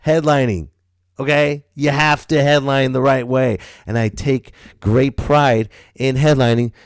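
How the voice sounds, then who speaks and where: A man, a stand-up comedian, hosting his podcast in a casual monologue, rambling and animated, swearing and stumbling over his words. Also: medium pitch, a little slow, clear, resonant tone, no room sound, studio quality.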